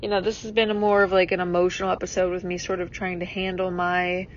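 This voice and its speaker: A woman's voice: on the low side, flat delivery, fast talker, muffled recording, slight background noise. A young adult woman hosting a solo podcast, musing reflectively and rambling with many fillers and restarts. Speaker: podcast host.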